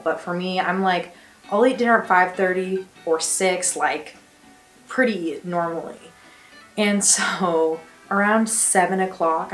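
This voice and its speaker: A young woman from the United States chatting casually and cheerfully to her camera in a small attic bedroom, with quick laughs. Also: on the low side, echoey room. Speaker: exchange student vlogger. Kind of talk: casual vlog chat. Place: small attic bedroom with slanted ceiling and beams.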